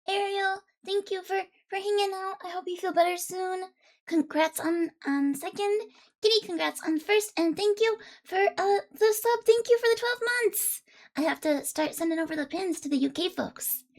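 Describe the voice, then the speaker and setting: A woman's voice: very high voice, moderate pace, darkish tone. A woman streamer chatting casually and bubbly with her viewers, a bit congested. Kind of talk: casual live-stream chat.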